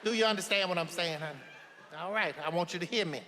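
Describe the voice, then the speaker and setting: Brassy elderly grandma played by a man, high and bright, sassy folksy drawl, echoey hall. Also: quick pace, some chatter behind. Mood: sassy lecturing. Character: brassy elderly Southern grandmother, blunt and preachy. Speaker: advice-giving matriarch. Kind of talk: film comedy-drama acting.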